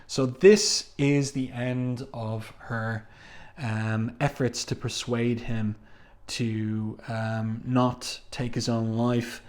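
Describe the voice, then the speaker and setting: A man's voice: mid-range voice, little pitch movement, drawn-out words, a little mellow. A man casually reviewing a comic book and reading passages aloud, with frequent "um" fillers. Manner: chatty, with "um" fillers.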